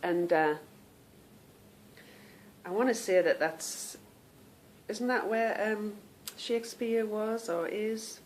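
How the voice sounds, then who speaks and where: A woman's voice: mid-range voice, takes it slowly, long pauses, a little hiss or hum. Chatty rambling woman podcast host. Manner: chatty and rambling, stumbles over unfamiliar names. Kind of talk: casual chat to viewers.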